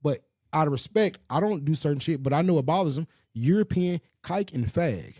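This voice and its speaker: A man hosting a podcast in loud, profane, rambling casual chat. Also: a little high, animated, fairly quick, no room sound, clean studio sound. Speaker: podcast host.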